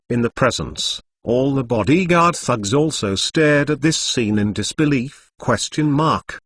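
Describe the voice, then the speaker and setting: A man's voice: mid-range voice, lively intonation, measured pace, few pauses, a bit bright, no echo. A man's synthetic voice narrating a web novel, reading punctuation marks aloud.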